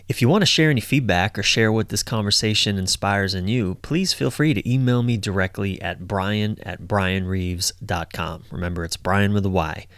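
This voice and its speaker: A man with a fairly low voice hosts a podcast conversation. He speaks calmly and earnestly, in a measured way. The sound is dry and close, with no room echo. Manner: calm, earnest, measured delivery. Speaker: podcast host. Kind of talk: casual interview chat.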